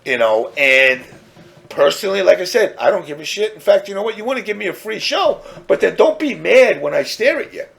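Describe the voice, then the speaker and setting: A man's voice: sits high, very animated, brisk, gravelly, a bit bright. A man hosting a casual podcast, ranting crudely and rambling while mocking others in put-on voices. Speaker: podcast host.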